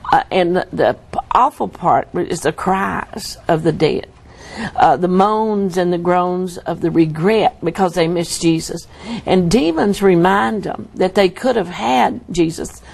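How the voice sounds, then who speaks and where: A woman's voice: lowish voice, unhurried, vocal fry, darkish tone. A woman guest giving an earnest, vivid testimony in an interview.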